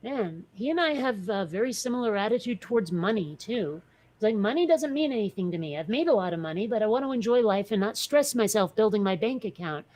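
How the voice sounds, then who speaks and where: A woman's voice: medium pitch, expressive, a little fast, a little mellow. A woman co-hosting a podcast in casual chat, blunt and wry, rambling through her thoughts. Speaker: podcast co-host.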